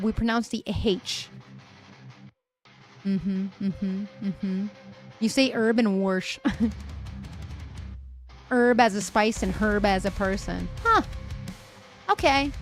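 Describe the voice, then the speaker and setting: A woman's voice: mid-range voice, takes it slowly, long pauses, faint music behind. A young woman livestreaming, chatting playfully with her viewers, reading their comments aloud and laughing often as she thinks aloud.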